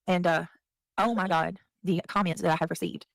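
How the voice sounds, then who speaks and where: A woman's voice: lowish voice, fairly even intonation, moderate pace, gravelly, no echo, low-quality recording. Exasperated defensive woman. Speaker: streamer defending herself. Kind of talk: played clip of a defensive rant.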